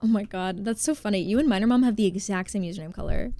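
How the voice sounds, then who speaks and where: A woman from New Jersey, live streaming and chatting casually while she plays, reading out and thanking her chat, quick to exclaim. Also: medium pitch, warm tone, no room sound.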